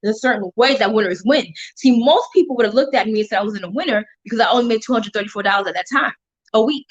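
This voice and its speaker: A woman with a bright, high voice gives a faith testimony to her live-stream viewers. She talks with a preacher's emphasis and breaks into laughter often. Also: fast, lo-fi sound. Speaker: motivational speaker on a live stream.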